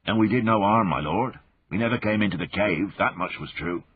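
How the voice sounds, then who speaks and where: A man's voice: lowish voice, brisk, slightly rough, no room sound, pitched above the performer's own voice. A man voicing a big, wary soldier turned spy who speaks deferentially, calling his listener sir and my lord, in an audiobook reading. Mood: placating. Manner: respectful, placating, addresses listener as sir and lord. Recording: phone-like narrow band.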